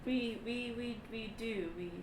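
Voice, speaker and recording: A woman narrating as game master of a tabletop game, excitable and laughing as she voices the characters. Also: a little high, unhurried, roomy sound, recorded from a distance, a little hiss or hum.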